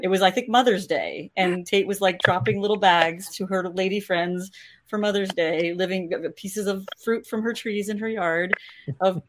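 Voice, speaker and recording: A woman's voice: medium pitch, moderate pace. A woman on a panel fondly reminiscing in casual conversation. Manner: fond, reminiscing. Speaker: panel guest. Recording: noisy line with clicks.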